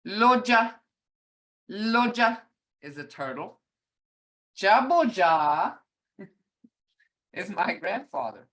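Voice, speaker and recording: An older woman leads an online beginner language class at a very unhurried pace. She repeats each word patiently and chuckles often as she explains. Her voice has a middle pitch for a woman. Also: animated, fairly bright tone. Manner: slow, patient, repeats words to model sounds. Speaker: language teacher. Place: video call.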